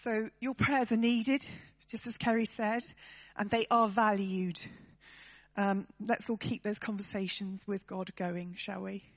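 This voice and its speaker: A woman's voice: mid-range voice, steady tone, measured pace, dull audio. A woman preaching a sermon to her church, talking conversationally and turning to the congregation with tag questions.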